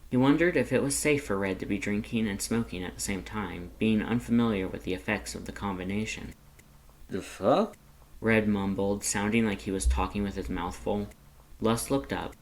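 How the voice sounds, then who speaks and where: A man gently reading a fan story aloud in an unhurried way. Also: lowish voice, a little hiss or hum, rough recording. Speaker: fanfiction reader. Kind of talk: read-aloud narration.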